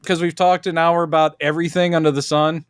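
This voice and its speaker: A man hosting a casual podcast chat, opinionated and animated as he tells stories, on a close podcast mic. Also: on the high side, fast talker, smooth, no room sound. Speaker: podcast host.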